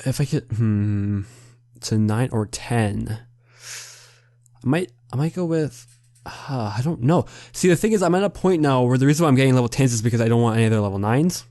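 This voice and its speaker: A man's voice: mid-range voice, a little fast, dark tone, no room sound, clean studio sound. A young man hosting a casual Q&A over voice chat, laughing often and rambling through his answers. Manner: giggly, rambling, self-mocking. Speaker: channel host answering questions.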